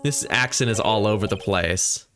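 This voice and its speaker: A man's voice: lowish voice, moderate pace, fairly bright tone, faint music behind. A man streaming a game, giving rambling casual commentary with laughing asides. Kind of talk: casual let's-play commentary.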